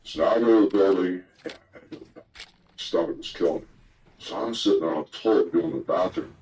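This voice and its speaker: An older man, a guest in a casual interview, spins rambling, profane yarns from the old days. His voice sits low and brisk with a slightly mellow quality. The low-quality recording carries a little hiss or hum.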